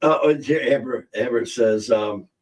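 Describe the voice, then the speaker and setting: A man's voice: medium pitch, unhurried, far from the mic. A man hosting a podcast live stream, telling rambling, anecdotal stories and laughing at his own jokes. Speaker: podcast host. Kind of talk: casual live-stream chat. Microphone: streaming setup mic.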